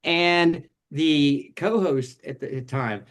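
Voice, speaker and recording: A middle-aged man, a puppeteer, telling stories in a casual interview, animated and full of fillers. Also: on the high side, very slow. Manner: animated, many fillers and voiced quotes. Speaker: puppeteer guest.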